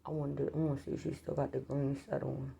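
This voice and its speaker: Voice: medium pitch, level tone, fast talker, gravelly, warm tone, slight background noise. A vlogger recording at home on a handheld phone, talking casually to viewers in a rambling, profane way and calling them y'all. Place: at home, near a street.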